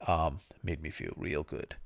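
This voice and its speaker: A man with a bass voice that barely shifts in pitch speaks a little slowly on his own casual podcast, recorded on a studio mic with no echo. The talk is rambling, profane, and self-deprecating, punctuated by frequent laughter and a dry cough he struggles against.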